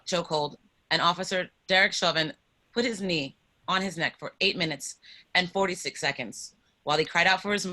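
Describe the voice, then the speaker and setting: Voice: mid-range voice, bright, forceful tone. A presenter on a video call, earnestly reading a timeline of events to an online group. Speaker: presenter on a panel.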